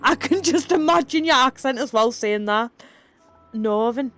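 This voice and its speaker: A woman in her twenties from North East England, with a Geordie accent, chats casually as a livestreamer and reads viewer messages aloud, saying "like" a lot and giggling. Her voice is high-pitched, animated, and fairly bright at a moderate pace, with faint music behind her.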